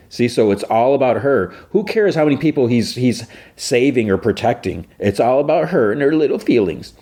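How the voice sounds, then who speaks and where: A man's voice: medium pitch, animated, moderate pace, mellow. A man casually recapping a cartoon episode as a podcast host, rambling and chatty.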